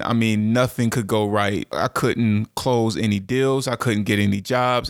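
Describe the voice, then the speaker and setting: A man in his thirties speaks to his audience in an earnest, reflective way, often restarting his sentences. His voice is flat and even, with a gravelly edge. The recording is dry and close, with no room sound. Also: on the low side, no echo. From United States. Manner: earnest, halting, with many restarts and fillers. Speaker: motivational speaker and show host. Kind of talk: reflective personal monologue.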